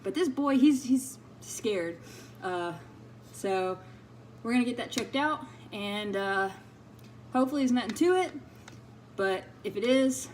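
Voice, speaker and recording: A woman's voice: mid-range voice, darkish tone. A woman in her thirties, a fitness vlogger, talking casually and rambling with many fillers. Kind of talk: casual vlog talk. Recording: audible background noise.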